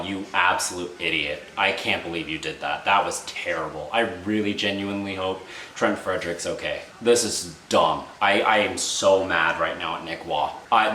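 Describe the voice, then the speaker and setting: Man, low voice, rambling exasperated hockey fan reaction, roomy echo. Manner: excitable, exasperated, rambling with restarts. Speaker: hockey fan reviewing a game. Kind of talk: casual live game reaction. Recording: echoey room, faint background noise.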